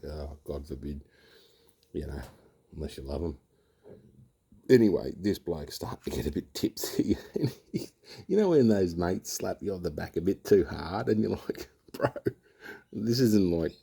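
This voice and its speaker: Middle-aged aussie bloke rambling thru a pub story, low husky voice, kinda dark and mellow. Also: male voice. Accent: Australian. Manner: rambling yarn with slang and swearing. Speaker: beer review vlogger. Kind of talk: casual storytelling.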